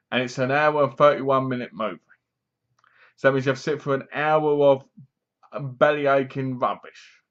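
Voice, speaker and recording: Brief: male reviewer, somewhat high voice, ranting and dismissive, lo-fi recording. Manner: scornful, rambling, mimics characters. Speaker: film reviewer. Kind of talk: casual ranting movie review.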